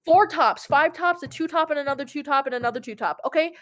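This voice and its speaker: A woman's voice: sits high, fast, fairly bright tone. A young adult woman telling a long story in casual chat, rambling and peppered with "like". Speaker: host.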